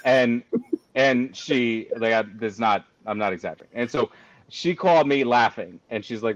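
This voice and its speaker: A man telling a long story on a call in an animated, ranting way, jumping high when he quotes himself. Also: normal speed, no room sound, lo-fi sound.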